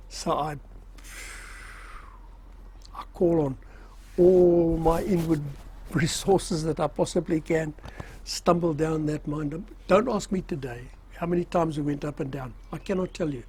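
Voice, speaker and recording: Recalling his army days, this older man speaks in a fairly high, steady, slightly mellow voice at an unhurried pace. The telling is rambling and self-deprecating, full of fillers and little laughs, with slight background noise behind it.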